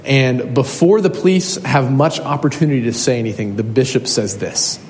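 A young pastor preaches in earnest, storytelling mode, pausing often on ums and starting sentences over. His voice sits at a middle pitch. It carries a long reverb from a large hall, with faint noise underneath. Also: a little mellow. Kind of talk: sermon.

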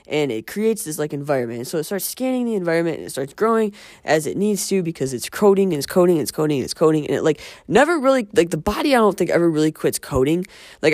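A man's voice: a little high, a little mellow, no echo, clean studio sound. A man hosting a casual monologue, rambling and profane, often interrupting himself. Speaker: podcast host.

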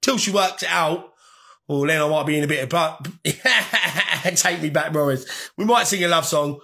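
High bright-voiced swearing man. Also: moderate pace, gravelly. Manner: swearing, rambling, laughing often. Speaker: vlogger. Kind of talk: casual chat to viewers.

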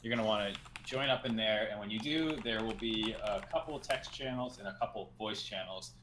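A man working as a stream producer, explaining slowly how to call in, with dry teasing asides. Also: lowish voice, noisy background. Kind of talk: giving caller instructions. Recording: roomy echo.

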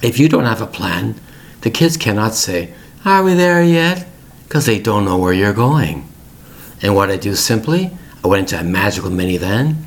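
A man's voice: fairly low pitch, animated, normal speed. A middle-aged man hosting an English-learning podcast, telling a family story in plain, repetitive words for learners.

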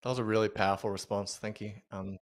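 Man podcast co-host, thoughtful and hesitant, lowish voice. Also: little pitch movement, quick pace. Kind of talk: casual chat.

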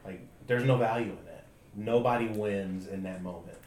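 A man's voice: fairly low pitch, moderate pace, darkish tone. A man co-hosting a casual talk show, talking in a dry, joking way. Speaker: podcast co-host. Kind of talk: casual chat. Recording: roomy echo, distant mic, faint noise.

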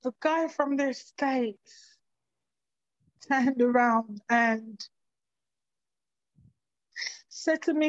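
A woman giving halting, emotional personal testimony in an interview. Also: sits high, no room sound, muffled recording. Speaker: interview guest.

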